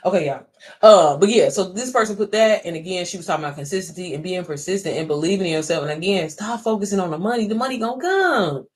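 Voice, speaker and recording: A woman's voice: fairly low pitch, expressive, fast talker, husky. A woman in her thirties giving a casual, emphatic pep talk to viewers on a phone livestream from home, mixing swearing with encouragement. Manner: emphatic, preachy, swearing, talks straight to viewers. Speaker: online business coach.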